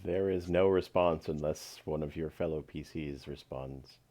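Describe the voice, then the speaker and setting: A man running a tabletop game as game master, relaxed, laughing often and pausing with fillers. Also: very deep voice, a little hiss or hum.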